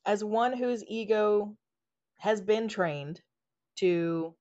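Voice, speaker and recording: A woman's voice: mid-range voice, drawn-out words, darkish tone. A woman in casual spiritual chat, talking with emphasis, swearing casually and acting out inner voices. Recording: dull lo-fi sound.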